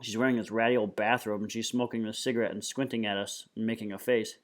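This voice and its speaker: A man's voice: lowish voice, fast, few pauses. Man reading a novel aloud. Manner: plain, steady storytelling. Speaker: reader.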